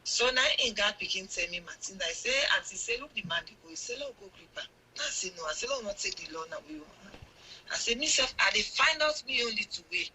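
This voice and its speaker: A woman's voice: mid-range voice, animated, quick pace, pushed and bright, rough recording. An older woman with a Sierra Leonean Krio accent, a guest earnestly recounting events in a long narration full of quoted exchanges. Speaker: guest, mother telling her account. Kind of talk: radio interview testimony.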